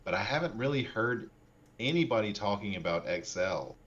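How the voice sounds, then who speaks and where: A man with a very deep voice chats casually about football on a podcast, rambling a little and leaning on fillers. His delivery stays laid-back. The recording sounds dull and lo-fi. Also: animated, moderate pace, fairly bright tone. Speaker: podcast co-host. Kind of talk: casual sports podcast chat. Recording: dull lo-fi mic.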